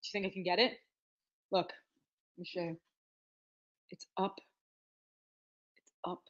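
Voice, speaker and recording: A woman reviewing candy on a livestream, animated and exaggerated as she talks straight to her viewers. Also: fairly low pitch, a little slow. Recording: dull lo-fi livestream audio.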